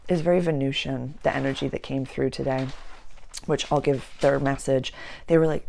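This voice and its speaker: A woman astrologer and channeler in casual spiritual talk, earnest, slowing down and repeating words for emphasis. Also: extremely low pitch, fairly even intonation, gravelly, a little mellow, a little hiss or hum.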